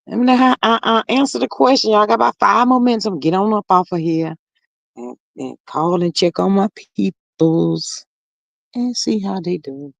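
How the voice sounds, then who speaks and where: A woman hosting a livestream in casual chat, reading comments aloud in a chatty, drawling way that swings high and low. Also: measured pace, vocal fry, pauses often, no echo, highs cut off.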